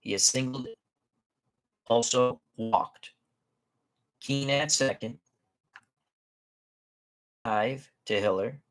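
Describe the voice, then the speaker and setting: Slow, chatty man calling dice baseball. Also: medium pitch. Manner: chatty, unhurried, self-correcting. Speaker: tabletop baseball game host. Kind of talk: play-by-play commentary of a dice baseball game.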